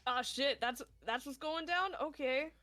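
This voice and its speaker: A woman's voice: high-pitched, measured pace, bright, forceful tone, no room sound. A woman playing a tabletop role-playing game in casual chat, playful and laughing often. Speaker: player.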